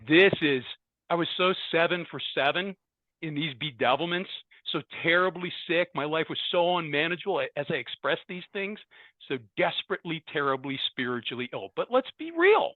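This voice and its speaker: A man with a fairly high voice shares his recovery story with fervent, preacherly emphasis, repeating his key words for the room. The sound is tinny and phone-like, with no room echo at all. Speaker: speaker at a recovery meeting.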